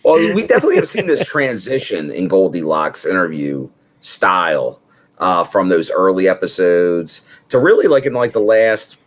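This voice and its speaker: A man's voice: deep voice, very animated, moderate pace. A man co-hosting a wrestling review podcast, giving thoughtful, rambling analysis. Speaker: podcast co-host. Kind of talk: casual wrestling review chat.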